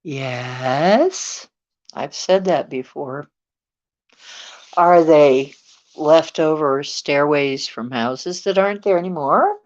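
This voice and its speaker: A woman's voice: sits low, slow, dull audio. A woman hosting a casual talk show, rambling with a sarcastic edge.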